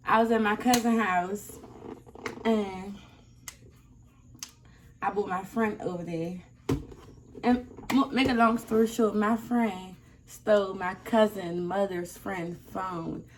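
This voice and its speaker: A young woman vlogger telling a casual storytime, animated and acting out the people in it. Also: mid-range voice. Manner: animated, acts out quoted people. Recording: slightly distant mic, faint noise.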